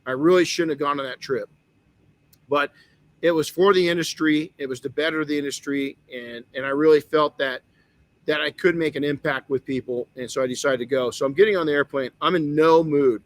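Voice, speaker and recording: A man's voice: on the high side, steady tone, fairly quick, dry recording. A middle-aged man hosting a motivational podcast, telling a personal story earnestly with many restarts. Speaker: podcast host.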